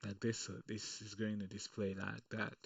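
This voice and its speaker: A man's voice: on the low side, monotone, moderate pace, creaky, breathy edge, dry recording, distant mic. A man teaching a screen-recorded coding lesson, explaining patiently and checking in with "okay" along the way. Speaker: coding tutorial instructor.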